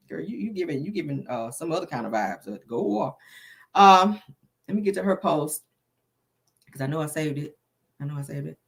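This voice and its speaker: A sassy woman dishes celebrity gossip in a chatty way. Her lowish voice swoops all over as she talks, and she keeps calling her viewers honey and baby. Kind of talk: casual gossip commentary.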